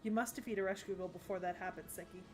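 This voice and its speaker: A man's voice: sits high, fairly even intonation, darkish tone, soft background music, natural voice. A man voicing an urgent young doctor on comms. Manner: quick, technical and urgent. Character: anxious young male doctor giving readings over comms. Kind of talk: English anime dub acting.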